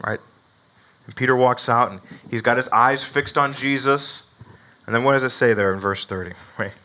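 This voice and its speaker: A man's voice: medium pitch, normal speed, sharp tone, rough recording. A man preaching a sermon in a conversational way, often asking "right?" and chuckling between points. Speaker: pastor.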